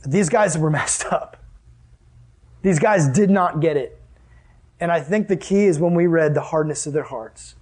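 A young man preaching a sermon as a youth pastor, animated, acting out scenes and asking the audience questions. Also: a little high, a little slow, pauses often, breathy edge. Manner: animated, acts out scenes with sudden exclamations and laughs.

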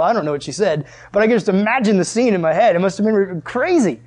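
A man preaching a relaxed, conversational sermon in a high, light voice. He tells the story with animated energy and keeps turning straight to his listeners to hold their attention. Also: fast talker, hardly any pauses.

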